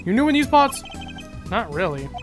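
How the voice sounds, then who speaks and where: A streamer voicing a gruff, chummy male noodle vendor who tacks "eh?" onto his lines, over game music. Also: mid-range voice, animated, a little fast, natural voice. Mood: rambling. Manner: folksy, ends lines with "eh?". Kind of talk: voice acting a game playthrough. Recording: game music playing underneath.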